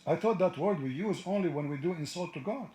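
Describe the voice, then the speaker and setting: Mocking, combative high-voiced man. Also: animated, fast, dark tone, echoey room. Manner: mocking and combative, taunts and laughs at caller. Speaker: debate livestream host. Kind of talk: heated live call-in debate.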